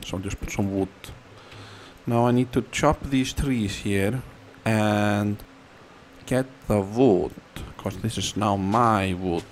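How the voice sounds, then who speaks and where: A man casually commenting on his game, playful and sing-song, now and then squealing words in a high silly voice. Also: slow, a little hiss or hum. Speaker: gamer.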